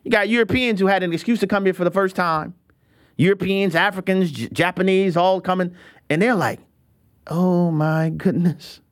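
Animated commentary show host. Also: mid-range voice, fairly quick. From United States. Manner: animated and digressive, with frequent restarts. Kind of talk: opinionated commentary.

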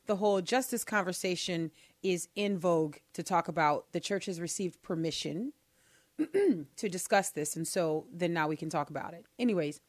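A woman's voice: on the low side, normal speed, no echo. A woman co-hosting a talk radio show, chatting casually and emphatically, often repeating words as she gets worked up.

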